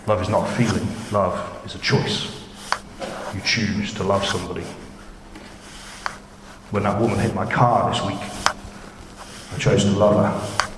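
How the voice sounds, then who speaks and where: A man delivers an informal sermon with a fairly low voice, talking to his congregation as if in a chat and checking in with quick questions. The recording is roomy, with a long hall reverb and steady noise underneath. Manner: chatty, conversational, asks the congregation questions. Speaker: preacher. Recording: echoey hall with background noise.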